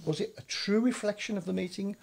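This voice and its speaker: A man's voice: high-pitched, vocal fry, husky. A man co-hosting a casual speedway chat show, joking around and reading out viewer comments. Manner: jokey, reads names out slowly.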